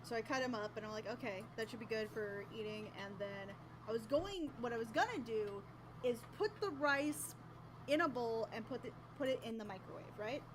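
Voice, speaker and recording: A woman's voice: fairly high pitch, lively intonation, moderate pace, noisy background. A woman streamer in casual chat, rambling and self-mocking, often laughing at herself.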